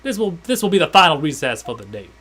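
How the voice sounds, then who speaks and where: Lively woman streamer voicing game characters. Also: sits low, fast talker, a little hiss or hum. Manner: animated, switches between character voices. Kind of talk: reading game dialogue aloud and chatting.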